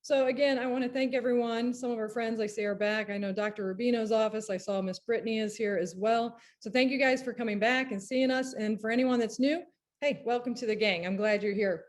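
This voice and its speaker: A woman presenting in a webinar, chatty and animated, telling stories to make her points. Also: a little high, a little fast. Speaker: performance director giving a talk.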